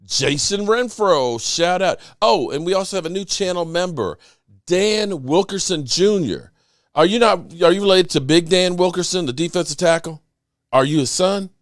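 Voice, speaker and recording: A middle-aged man hosting a casual sports talk show on a desk mic, rambling and chatty, giving shout-outs to viewers. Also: sits high, expressive, moderate pace, no room sound, clean studio sound. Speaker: podcast host. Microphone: desk microphone.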